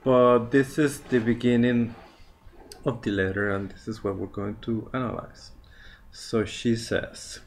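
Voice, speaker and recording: Slow-paced man teaching a language lesson. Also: mid-range voice, little pitch movement, vocal fry, slight background noise. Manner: slow, explanatory, with frequent fillers.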